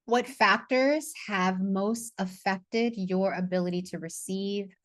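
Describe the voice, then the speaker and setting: A woman's voice: medium pitch, slow pace, no echo, studio quality. A woman leading a money masterclass over a video call, chatting casually, laughing, swearing and losing her train of thought. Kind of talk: casual live online class.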